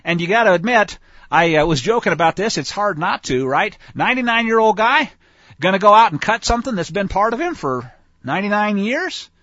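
A man's voice: high voice, sing-song, fairly quick, fairly bright tone, dry recording. A man teaching through a Bible passage in a folksy, conversational way, with asides to his listeners. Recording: dull lo-fi dry recording.

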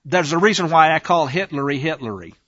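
A man's voice: fairly high pitch, expressive, brisk, fairly bright tone, no echo, highs cut off. A man hosting a talk radio show in a rambling, emphatic monologue, with frequent restarts. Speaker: radio host.

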